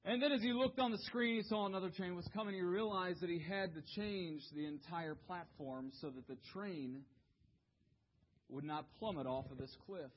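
A man preaching a sermon, telling a story dramatically, dropping to hushed low tones and then rising to shouts. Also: a little hiss or hum. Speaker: pastor. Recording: dull lo-fi recording.

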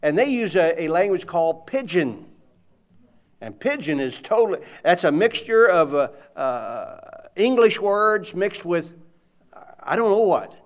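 High-voiced preacher man. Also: measured pace. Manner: animated, conversational, audience call-and-response. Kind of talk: sermon.

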